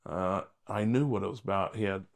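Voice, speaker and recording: Older man, retired detective, lowish voice, blunt, wry humor, rambling storyteller, lots of fillers. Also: brisk, gravelly. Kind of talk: storytelling interview.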